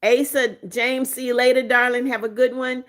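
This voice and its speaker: A woman in her seventies with a somewhat high voice chats casually on a livestream. She reads viewer comments aloud and answers them in a playful, teasing way. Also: level tone, moderate pace, fairly bright tone. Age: 70s. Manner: playful, teasing, frequent laughs. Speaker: livestream host.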